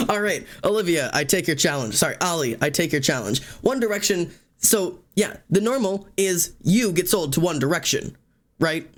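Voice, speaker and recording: A man chats on a live stream, rambling casually between thoughts. His voice sits a bit higher than most men's, and he swears freely and laughs often. He talks into a desk microphone. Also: lively intonation, moderate pace. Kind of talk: casual chat while gaming.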